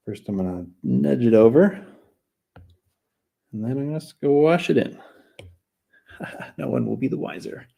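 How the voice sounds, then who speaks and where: A man's voice: mid-range voice, animated, measured pace, creaky, pauses often, dark tone, husky. A man chatting casually while he draws on a stream, rambling and thinking aloud. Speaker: artist streaming while drawing. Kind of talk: casual chat. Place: lives in Germany.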